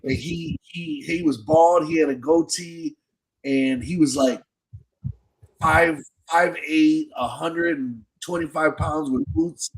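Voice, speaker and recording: A man's voice: on the high side, slow, poor audio. A man hosting a podcast and telling a long, casual story in slangy, profane speech, with many restarts. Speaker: podcast host.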